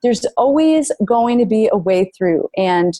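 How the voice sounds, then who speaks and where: Earnest, animated woman author, guest on a podcast. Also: a little high, measured pace. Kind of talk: podcast interview.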